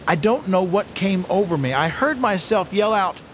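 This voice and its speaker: A man telling a dramatic first-person story as a fisherman disciple, halting and stammering with wonder. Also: high-pitched, expressive, a little hiss or hum. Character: fisherman disciple recalling his teacher, earnest.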